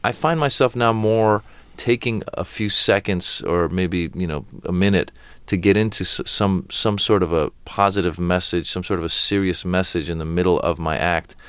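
Deep-voiced earnest male comic. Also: moderate pace, clear, resonant tone, dry recording. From Iran. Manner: earnest, passionate. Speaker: comedian guest. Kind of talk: radio interview.

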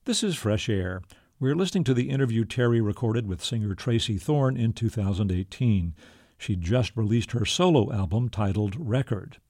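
A man reading a scripted radio show introduction in an even announcer delivery. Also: on the low side, normal speed, no room sound, studio quality.

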